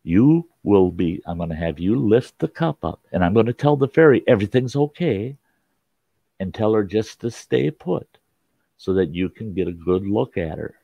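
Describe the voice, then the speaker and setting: A man voicing a kindly, playful older grandmother in a told story, in a gentle, matter-of-fact way. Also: fairly low pitch, expressive, normal speed, vocal fry, breathy edge, no room sound, exaggerated voice. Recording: dull, lo-fi sound.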